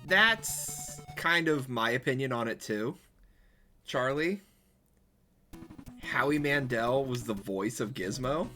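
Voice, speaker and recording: A male streamer talking off the cuff while he plays a golf game, rambling and correcting himself as he goes. His voice is bright and forward, and his pitch moves a lot from phrase to phrase. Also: animated, slow, pauses often, soft background music. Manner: rambling, chatty, self-correcting. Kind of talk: casual chat while gaming.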